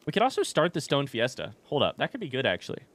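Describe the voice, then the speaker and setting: A man with a mid-range, fairly bright voice streams a game from a room at home, talking fast with wildly swooping pitch. His commentary is casual and joking, with free swearing and lots of talk to his chat.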